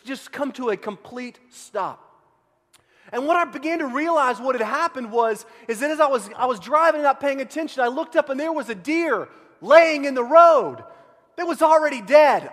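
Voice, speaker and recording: A middle-aged pastor from Central Texas telling a self-deprecating story in a sermon, animated with frequent restarts. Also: male voice, very high voice. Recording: long reverb of a large hall.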